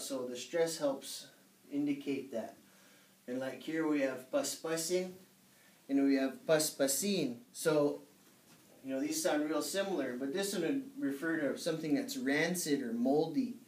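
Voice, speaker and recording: Man teaching in an echoey room. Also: medium pitch. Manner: relaxed, explanatory, with hesitations. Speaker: language teacher. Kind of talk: casual spoken lesson. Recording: echoey room, mic at a distance.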